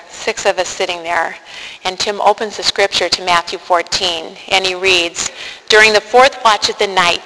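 A woman's voice: medium pitch, bright, forceful tone. A middle-aged woman giving a heartfelt personal faith testimony, earnest and stumbling over her words at times. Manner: earnest and heartfelt, with frequent restarts. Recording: reverberant hall with faint noise.

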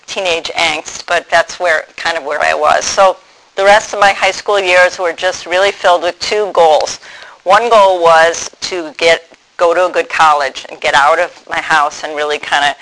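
A man telling his personal testimony in a reflective way, pausing often with ums and restarts. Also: a little high, creaky, sharp tone, poor audio. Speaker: speaker sharing his faith story.

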